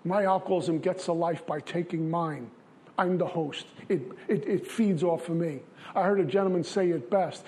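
A man's voice: high voice, normal speed, a little mellow, a little hiss or hum. A man from Brooklyn, giving an earnest, confessional recovery testimony in a repetitive style. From Brooklyn, New York. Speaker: recovery speaker.

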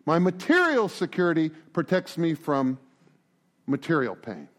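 A man's voice: on the high side, unhurried. A middle-aged man giving an informal recovery group talk, acting out little conversations and tagging lines with "right?" and "man". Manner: animated, acts out conversations, frequent "right?" and "man".

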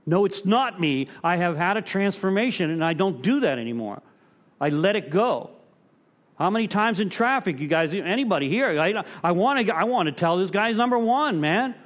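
A man with a notably high voice talks to a recovery group in a meeting room. He reads from the book, then drifts into casual asides and lively stories, tossing "right?" back at his listeners again and again. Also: moderate pace. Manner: conversational, asks the room for agreement; animated storytelling. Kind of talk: informal talk reading and commenting on a recovery text.

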